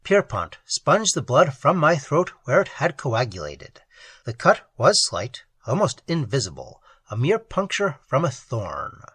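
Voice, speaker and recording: Audiobook narrator, dramatic delivery, bright tone, very lively pitch. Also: a little slow, husky, no room sound. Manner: expressive reading with sweeping pitch swings.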